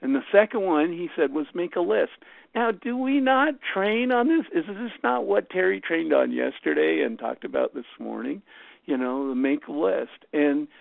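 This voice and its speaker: Man, team leader on a call: gravelly voice, rambling pep talk with lots of fillers, dry tinny phone sound. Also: a little high, animated, moderate pace, no echo. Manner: rambling, full of fillers and restarts. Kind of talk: motivational talk on a conference call.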